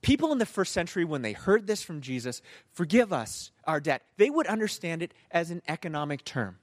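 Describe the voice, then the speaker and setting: Animated pastor man telling a story. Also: on the high side, fairly quick, dry recording, clean studio sound. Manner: storytelling, animated, asks the audience "right?". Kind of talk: sermon.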